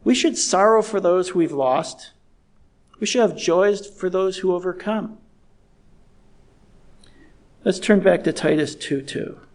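A middle-aged man preaching a sermon in a measured, earnest way, slowing down to stress key words. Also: high voice. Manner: measured, earnest, slows down for emphasis.

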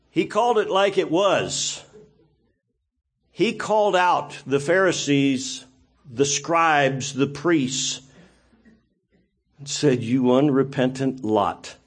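Man, preacher, sermon, husky, rhetorical questions. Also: high voice. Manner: conversational, asks rhetorical questions.

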